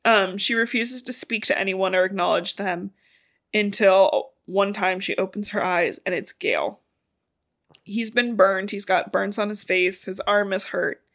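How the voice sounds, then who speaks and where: A woman's voice: mid-range voice, unhurried, a bit bright. Woman podcast host rambling through a book recap, casual and sweary. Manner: chatty retelling, swearing and laughing.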